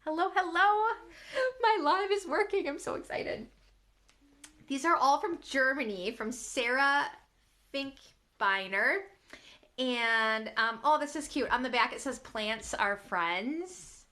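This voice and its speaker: A woman artist hosting a casual live stream from her couch at home, bubbly and excitable, gasping and giggling often, recorded by a camera on a tripod. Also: sits high, a little slow.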